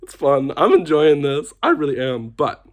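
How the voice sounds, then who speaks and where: A man's voice: fairly high pitch, sing-song, moderate pace. A young man who is tipsy, giving a dramatic, theatrical reality-show confessional and acting out what others said. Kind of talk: confessional to camera.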